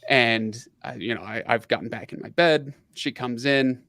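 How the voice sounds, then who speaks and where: A man's voice: medium pitch, moderate pace, bright, forceful tone. A middle-aged man telling a long personal story on a casual livestream. He talks animatedly, laughs often and uses lots of fillers and restarts, in a plain mid-range voice. The sound is dry and close, with no room echo. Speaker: livestream host.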